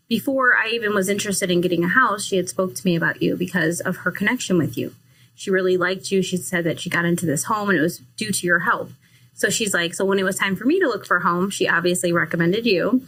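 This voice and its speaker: A woman co-hosting a podcast interview, telling stories in a lively way, laughing easily and restarting her sentences. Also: mid-range voice, husky, rough recording. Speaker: podcast co-host. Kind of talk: casual interview chat.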